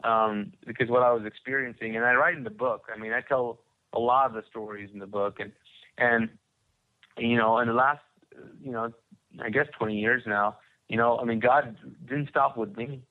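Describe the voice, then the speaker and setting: A man's voice: mid-range voice, steady tone, moderate pace. A man telling his story as a podcast guest, rambling with many restarts and repeated words. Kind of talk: conversational testimony. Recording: tinny phone-like line.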